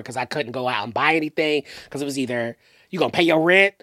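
A man from the southern United States chats as a podcast guest, his pitch swooping up and down as he talks. He speaks animatedly and loosely, stacking "like"s and restarting thoughts. The mic is close and dry, with no room sound. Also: fast, no room sound. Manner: animated, filler-heavy, lots of "like" and restarts. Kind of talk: casual chat.

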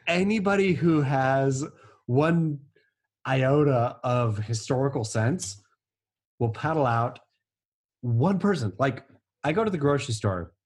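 Husky man with a lively, swinging pitch. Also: a little slow, pauses often. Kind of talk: casual chat.

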